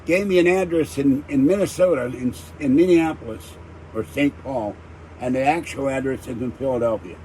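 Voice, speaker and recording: A man's voice: mid-range voice, normal speed, a little mellow, slight background noise, rough recording. An older man hosting a livestream, ranting irritably in a rambling casual chat. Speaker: livestream host.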